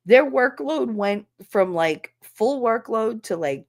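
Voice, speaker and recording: A woman's voice: a little high, expressive, slow. A woman in her thirties chatting casually, blunt and sarcastic, swearing freely and acting out quoted conversations. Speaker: streamer chatting while sorting files. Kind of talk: casual ranting chat.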